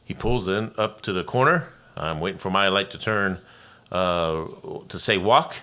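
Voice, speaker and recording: Profane ranting podcast host, bright voice. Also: male voice, deep voice, lively intonation, measured pace. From Los Angeles, USA. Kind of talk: casual solo rant.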